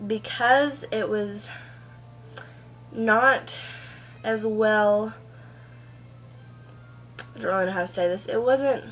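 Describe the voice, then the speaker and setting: A woman's voice: medium pitch, low-quality recording. Casting: teen girl vlogger, chatty and rambling, webcam mic, faint music under. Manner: gushing, rambling with many ums and likes. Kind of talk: casual chat. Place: at home in front of a computer.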